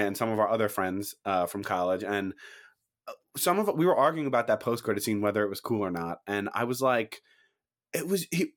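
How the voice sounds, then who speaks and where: A young man in his twenties co-hosting a podcast, rambling casually with restarts and laughs. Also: mid-range voice. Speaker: podcast co-host.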